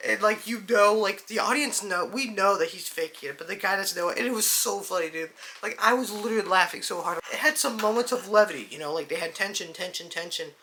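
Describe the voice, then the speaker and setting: A woman chatting excitedly in a casual movie review vlog, calling her viewers "dude" and "guys". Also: medium pitch, fast, few pauses, a little hiss or hum.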